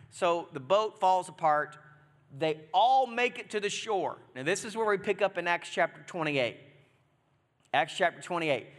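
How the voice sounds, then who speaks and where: A man preaching a sermon in a chatty, joking way, acting out the story with sudden loud exclamations. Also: sits high, moderate pace. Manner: animated, jokey, acts out scenes with loud exclamations. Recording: long reverb of a large hall.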